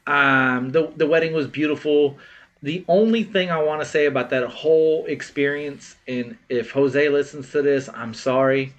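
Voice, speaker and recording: A man co-hosting a casual podcast, swearing freely and loudly acting out friends' lines as he tells a story. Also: fairly high pitch, normal speed, dull audio. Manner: animated storyteller, acts out quoted friends loudly, laughs, swears. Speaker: podcast co-host. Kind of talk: casual chat.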